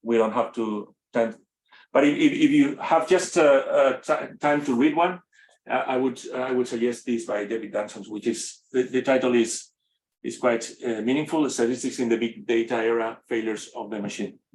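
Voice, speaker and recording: Halting male lecturer with a Spanish accent. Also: medium pitch, steady tone, darkish tone, a little hiss or hum. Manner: halting, many fillers and restarts. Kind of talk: unscripted course lecture.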